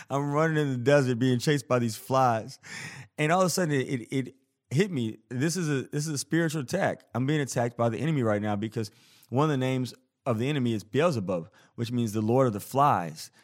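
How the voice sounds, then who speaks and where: A man in a podcast host's chair, spinning a personal tale in casual storytelling mode. He talks in a lively, playful way, acting out moments with plenty of self-deprecating humor. His pitch sits mid-range for a man. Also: moderate pace. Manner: animated, playful storyteller who acts out scenes. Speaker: podcast host.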